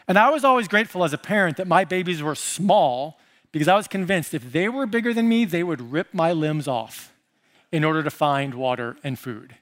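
High-voiced man preaching with dramatic swings. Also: lively intonation, fairly quick. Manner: dramatic swings of pitch and loudness, emphatic; playful asides and mimicry. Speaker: pastor. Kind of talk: sermon.

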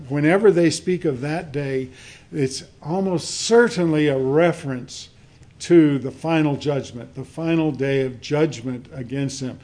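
Male preacher, pitch a touch high, unhurried sermon delivery with fillers and read-aloud scripture. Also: dark tone. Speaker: pastor.

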